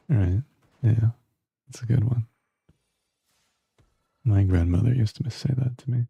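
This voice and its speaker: A male streamer with a low, gravelly voice and a very dark, husky tone, chatting casually and joking with his viewers. The sound is dry and close, with almost no room around it. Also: measured pace, long pauses, dry recording, highs cut off. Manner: joking, bantering with chat, talks to self while gaming. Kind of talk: casual live-stream chat.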